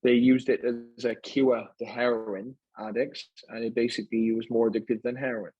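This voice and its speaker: A man's voice: mid-range voice, moderate pace, lo-fi sound, a little hiss or hum. Welsh man chatting loosely on a podcast. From Wales. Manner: relaxed, rambling, many fillers. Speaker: podcast guest, fighter. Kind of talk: casual chat.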